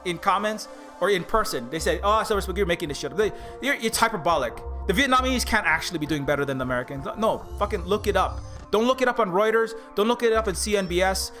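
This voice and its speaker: A man's voice: high-pitched, fairly bright tone. A man streaming live and ranting in a heated, profane way, repeating his points with many fillers. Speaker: streamer and indie game developer. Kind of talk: livestream rant.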